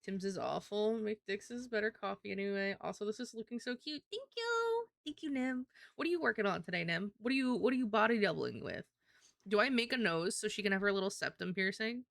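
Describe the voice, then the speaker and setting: A woman's voice: medium pitch, expressive, quick pace, vocal fry, a bit bright, no room sound, studio quality. A woman streamer chatting casually and thinking aloud while she draws. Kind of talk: casual live-stream chat while drawing.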